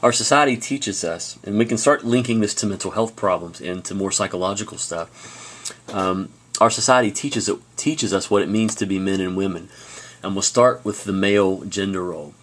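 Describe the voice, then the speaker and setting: A man teaching a high school class on video, telling stories in a casual way with fillers and restarts. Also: moderate pace, fairly bright tone.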